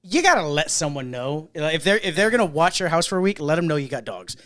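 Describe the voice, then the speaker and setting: A man's voice: a little high, very animated, fast talker, fairly bright tone, no room sound, studio quality. A man hosting a casual podcast chat, a bartender telling stories with lots of swearing and laughter. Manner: profane, laughing storyteller. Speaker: podcast host.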